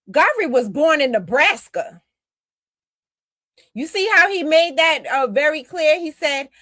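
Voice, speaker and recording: A woman's voice: sits high, a bit bright, no room sound. A woman giving blunt, heated commentary as the host of a talk show. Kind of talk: casual commentary.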